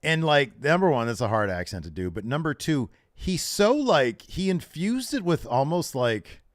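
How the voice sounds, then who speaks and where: A man's voice: fairly high pitch, normal speed, no echo, clean studio sound. A man co-hosting a podcast, chatting casually and laughing easily as he recaps a wrestling show. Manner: animated, laughs easily, acts out quotes. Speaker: podcast co-host.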